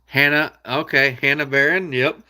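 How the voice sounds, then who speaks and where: A young man from the American Midwest talks casually to his live-stream viewers. He answers their questions by name and laughs often as he chats. His voice sits at an everyday middle pitch. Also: fairly even intonation, normal speed, bright, forceful tone. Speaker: trapping channel host reading live chat.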